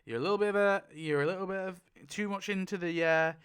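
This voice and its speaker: A man's voice: high voice, quick pace, a bit bright, smooth, voice pushed up. A man voicing a blunt adult male biker who turns on his brother and lectures him sternly. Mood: stern lecturing.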